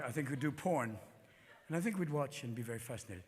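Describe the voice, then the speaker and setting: A man performing live stand-up comedy with manic energy, jumping between voices and bursts of shouting. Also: a little high, lively intonation, quick pace, gravelly. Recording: live hall reverb, crowd noise. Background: audience laughter.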